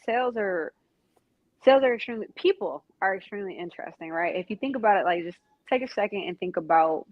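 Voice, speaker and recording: A woman's voice: medium pitch, lively intonation, fast talker, no echo, highs cut off. A woman hosting a casual conversation, emphatic and agreeable, speaking in a slangy way. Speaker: podcast host.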